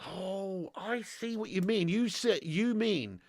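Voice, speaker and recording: British lad hosting a footy watch-along: high voice, gravelly, cheeky and sweary, dry close mic. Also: male voice, slow, no echo. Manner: sweary, excitable, chatty with viewers, laughs often. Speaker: football fan streamer hosting a watch-along. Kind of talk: live football watch-along commentary.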